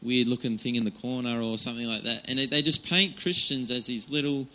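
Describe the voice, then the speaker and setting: A man's voice: mid-range voice, steady tone, a little fast, pushed and bright, low-quality recording. A man giving an informal, chatty sermon, with many fillers and restarts. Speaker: preacher.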